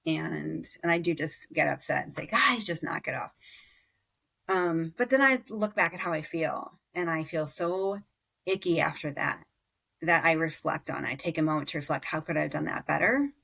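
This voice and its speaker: Low, gravelly-voiced woman guest. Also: fairly bright tone. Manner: reflective, halting, with frequent self-corrections. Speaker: podcast guest, parent. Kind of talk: casual conversational interview.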